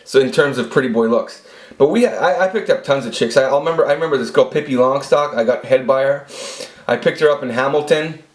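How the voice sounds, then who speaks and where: A man's voice: medium pitch, fast talker. A man in his forties telling rambling, profane stories about his past into a camera he set up himself. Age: 40s. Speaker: vlogger. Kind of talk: casual storytelling monologue. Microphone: self-filmed camera. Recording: echoey room.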